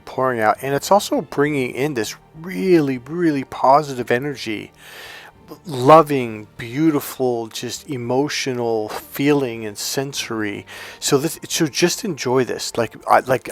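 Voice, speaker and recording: A man talking off the cuff as a life coach, often restarting and searching for words. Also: mid-range voice. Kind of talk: unscripted motivational talk to camera.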